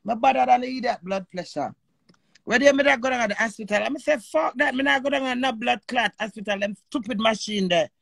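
A woman's voice: on the high side, quick pace, vocal fry, a bit bright, no room sound, studio quality. A Jamaican woman ranting on a live stream, cursing and confrontational, talking into her phone. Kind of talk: heated live-stream rant.

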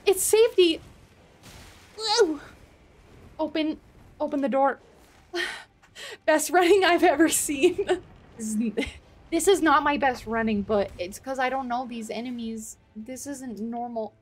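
Excitable woman streamer, slow-talking. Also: sits high. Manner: excitable, panicky, laughs and swears often. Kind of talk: live gameplay commentary.

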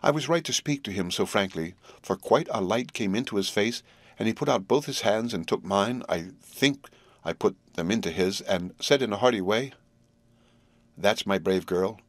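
A man with a fairly low voice reads a classic novel aloud as an audiobook. His delivery is measured and expressive, carrying a young woman's letter in his own voice. The sound is close and dry, with no room around it. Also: no echo. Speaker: audiobook narrator. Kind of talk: scripted narration of a classic novel.

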